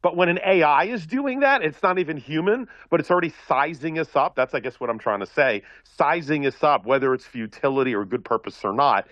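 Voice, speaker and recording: A man speaking as a guest commentator on a talk show, animated and thinking aloud, often repeating words. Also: on the high side, brisk, hardly any pauses, no echo, lo-fi sound. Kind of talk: casual political talk show chat.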